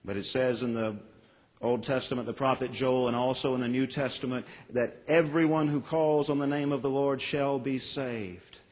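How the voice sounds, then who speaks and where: A man preaching a sermon as a pastor, earnest with dramatic pauses and acted-out quotes. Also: medium pitch, steady tone, in a large hall.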